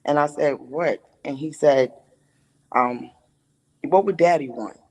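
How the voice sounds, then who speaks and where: A woman who is a music manager, a guest on a talk show, telling her story in a lively way. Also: low voice, takes it slowly, poor audio. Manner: animated storytelling, quoting others.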